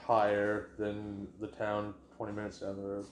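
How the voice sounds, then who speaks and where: A man with a New England accent trading dry, deadpan quips in a casual vlog chat. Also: lowish voice, moderate pace. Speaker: vlogger's partner. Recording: echoey room with faint noise.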